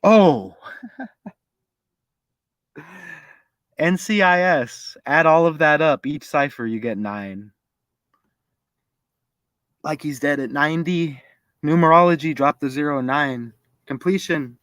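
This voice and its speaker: A man's voice: fairly high pitch, takes it slowly, pauses often, a bit bright, no room sound. A man giving casual commentary to his viewers, chatty and thinking aloud as he goes. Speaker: video creator.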